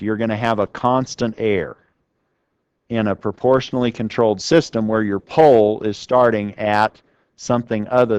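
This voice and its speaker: Male lecturer with a smooth, dry voice. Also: on the low side, darkish tone, dry recording, highs cut off. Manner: conversational, asks the class questions. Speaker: university lecturer. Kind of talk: classroom lecture. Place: lecture room.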